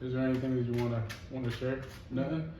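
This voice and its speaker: A man's voice: mid-range voice, level tone, fast, mellow, slight background noise. A man hosting a casual conversation, asking follow-up questions and laughing often. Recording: echoey room, voice from some distance.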